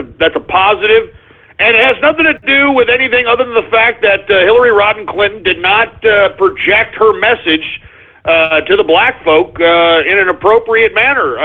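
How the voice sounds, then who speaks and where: Profane, blustering male talk-radio host, raspy and high-pitched, heard through phone-narrow audio. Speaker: call-in radio show host.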